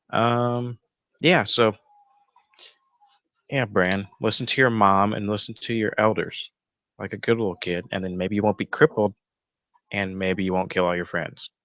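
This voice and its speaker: Rambling low-voiced man, bright tone. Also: no room sound, muffled recording. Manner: rambling, casual, swears, many fillers. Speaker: YouTube show host. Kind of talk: casual fan theory talk. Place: home room with a roommate nearby.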